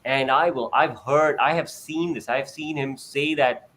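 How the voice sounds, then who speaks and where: A man on a video call explaining how parents can coach a child, animatedly acting out parent-child exchanges. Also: measured pace. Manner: acts out parent-child exchanges in a bright high voice. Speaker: parent sharing experience.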